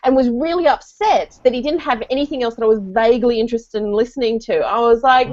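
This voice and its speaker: A woman's voice: on the high side, fast, few pauses, darkish tone. A woman, thinking aloud in a casual book club chat. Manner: chatty, thinks aloud with fillers. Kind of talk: casual discussion. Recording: dull lo-fi sound.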